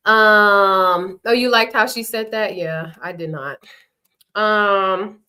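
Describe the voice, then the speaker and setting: A woman's voice: medium pitch, slow, pushed and bright. A young adult woman, a reality show cast member, talking frankly and rambling through an unscripted livestream with casual swearing.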